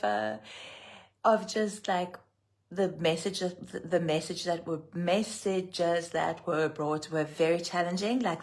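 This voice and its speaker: A middle-aged South African woman with a loud voice and a low, gravelly tone, talking straight to her webcam. She rambles in a casual livestream devotional, laughs often and picks up viewer comments as she goes. The fry in her voice is always there. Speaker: pastor and prophetic minister.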